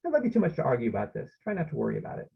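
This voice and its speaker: An unflappable father, read out by a man, answers softly and sincerely, with a lilting, lively pitch. The voice is gravelly and husky. The audio is a bit muffled. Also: racing, full character voice. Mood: calm. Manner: soft, sincere, mildly sing-song. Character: calm, gentle, unflappable father.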